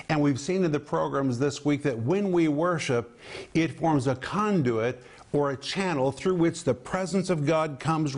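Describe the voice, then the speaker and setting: An older man hosting a televised Bible teaching, speaking in an earnest, emphatic way as he urges viewers to respond. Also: a little high.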